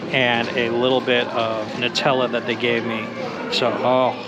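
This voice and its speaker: A man's voice: mid-range voice, monotone, measured pace, a loud crowd. A man giving casual, enthusiastic travel vlog commentary as he tastes food and wine out and about. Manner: chatty and enthusiastic, savoring food and wine aloud. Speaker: travel vlogger. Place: outdoors at a busy Christmas market. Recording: outdoor street noise.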